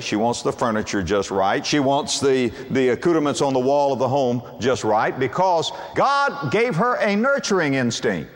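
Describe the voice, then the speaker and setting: A man's voice: on the high side, a bit bright. An older man preaching a sermon in a folksy way, acting out what husbands and wives say to each other. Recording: long hall reverb.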